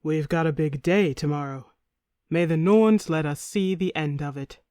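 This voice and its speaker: A woman's voice: low voice, moderate pace, warm tone, dry recording, studio quality, natural voice. A woman voicing a stern male Viking chieftain in an audiobook, blunt and commanding.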